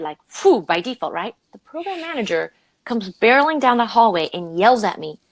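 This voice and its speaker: Woman, Romanian-born leadership coach, animated guest storyteller. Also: fairly quick, dry recording, low-quality recording. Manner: animated, acts out quoted voices with big pitch jumps. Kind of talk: conversational interview storytelling.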